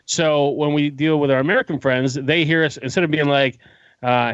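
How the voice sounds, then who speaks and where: A man's voice: fairly high pitch, fairly even intonation, normal speed, fairly bright tone, slight background noise. A Canadian man co-hosting a podcast, telling stories in a casual chat, mimicking voices and laughing often. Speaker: podcast co-host. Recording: slightly muffled audio.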